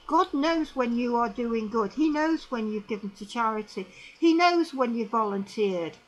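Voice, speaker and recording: Brief: an emphatic woman delivering a religious commentary straight to camera, high and lively pitch. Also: rough recording. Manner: emphatic, repetitive, tag questions to the viewer.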